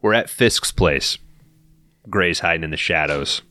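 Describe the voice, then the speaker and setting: On a podcast, a man with a low, slightly slow voice recaps a film over soft background music. His storytelling is casual, profane, and animated, and he acts out the characters' lines as he goes.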